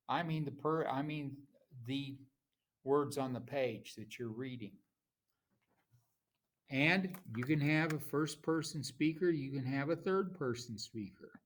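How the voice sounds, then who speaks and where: A man teaching a recorded lesson, explaining in a slow, informal way and correcting himself as he goes. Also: mid-range voice. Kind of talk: recorded lecture.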